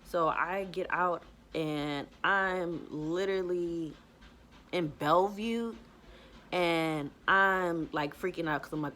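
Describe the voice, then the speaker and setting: A woman's voice: sits low, steady tone, slow pace, fairly bright tone. A woman podcaster telling a personal story to camera in casual chat. She rambles with many "like" fillers and acts out what she said back then. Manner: rambling retelling, full of "like" fillers; acts out her own past words.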